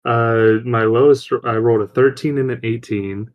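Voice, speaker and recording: Male player, relaxed, a bit hesitant, plain voice. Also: medium pitch, normal speed, dry recording, narrow, tinny audio. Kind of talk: casual tabletop game chat.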